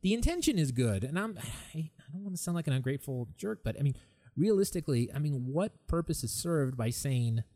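A man's voice: fairly high pitch, big pitch swings, a little fast, mellow. A man hosting his own podcast, talking candidly and with exasperation about stress, sometimes mimicking other people. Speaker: podcast host. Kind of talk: solo podcast monologue.

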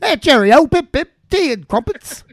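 A man's voice: extremely high pitch, sing-song, moderate pace, no room sound, clean studio sound, pitched above the performer's own voice, full character voice. A man putting on a jolly posh Englishman. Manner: stock British catchphrases. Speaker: podcast co-host.

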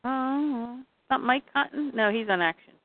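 A woman's voice: high voice, measured pace, no room sound. A woman co-hosting a comic podcast, casually retelling a comic's plot in a chatty way, with lots of filler words. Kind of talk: casual chat, recapping a comic. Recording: dry tinny phone-like sound.

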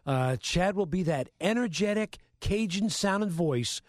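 A man co-hosting a live radio talk show from a studio, speaking in a measured, enthusiastic way. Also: sits high, expressive, no echo. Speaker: radio co-host. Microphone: studio microphone.

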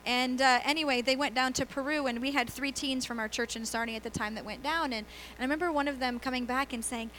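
A middle-aged woman pastor delivers a conversational sermon in a church, her voice high and bright. She tells stories with laughs and acts out quotes. A faint hum sits behind her. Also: steady tone, fast, hardly any pauses, rough recording.

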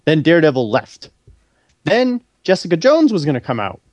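A man co-hosting a podcast, telling a long story in casual chat, animated and swearing freely as he acts out what others said. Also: a little high, moderate pace, no room sound. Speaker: podcast co-host.

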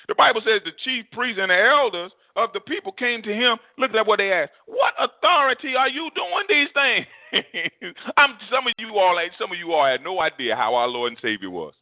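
A man's voice: high-pitched, dry recording. Fervent male preacher on a tinny line. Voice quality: fervent, repeats phrases, animated. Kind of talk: sermon. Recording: tinny phone-like dry sound.

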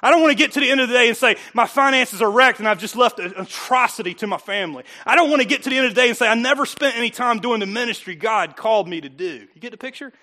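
A man's voice: very high-pitched, fast, hardly any pauses, bright, forceful tone. A middle-aged man preaching a sermon as pastor in a church, punchy and conversational, full of rhetorical questions.

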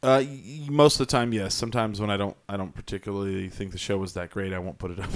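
A man's voice: lowish voice, steady tone, quick pace. Laid-back man hosting a podcast. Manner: loose, swears freely. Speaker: podcast host. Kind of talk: casual chat.

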